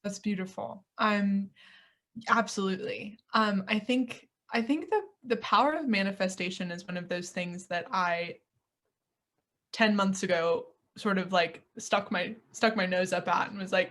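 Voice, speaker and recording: A woman's voice: mid-range voice, normal speed. Earnest young woman coach speaking reflectively. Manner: earnest, searching, puts on little inner voices. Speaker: acting coach, interview guest. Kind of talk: reflective interview answers.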